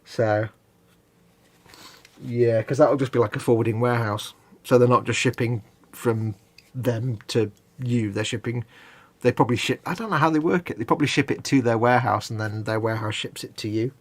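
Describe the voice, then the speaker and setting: A man's voice: medium pitch, normal speed. Rambling man on a live stream. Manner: rambling and explanatory, with hedges and restarts. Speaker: co-host of a live hobby stream. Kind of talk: casual chat.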